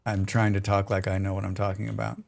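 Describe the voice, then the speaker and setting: A man's voice: lowish voice, little pitch movement, fast talker, vocal fry, a little mellow. An American man chatting casually and joking with his chat while he plays a survival game on a live stream.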